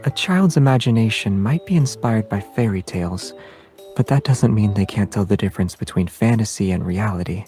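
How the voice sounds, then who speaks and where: Guy voicing a calm sweet game love interest, soft voice, kinda low, slow and tender. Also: faint music behind, lightly acted. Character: calm gentle young man, soft-spoken romantic lead. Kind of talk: game voice acting.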